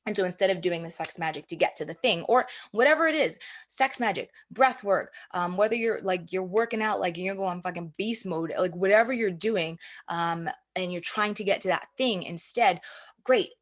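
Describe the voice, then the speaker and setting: Woman coach rambling fast and loose, lots of "like" and cussing, acts out her own inner voice. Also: on the low side. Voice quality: frequent swearing and fillers. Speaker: spiritual coach. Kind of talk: casual monologue.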